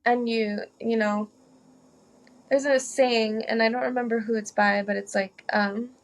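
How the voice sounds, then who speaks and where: A woman's voice: a little high, steady tone, a little slow. A woman talking as a podcast guest, reflective and chatty, saying "like" often. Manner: reflective, uses "like" a lot, laughs easily. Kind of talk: casual conversation.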